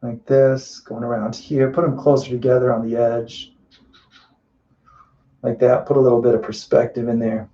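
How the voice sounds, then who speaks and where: Mellow man talking through a live painting. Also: mid-range voice, moderate pace, dull audio. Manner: relaxed, thinking aloud while painting, many restarts and "you know". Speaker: painting instructor. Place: indoors at a painting wall.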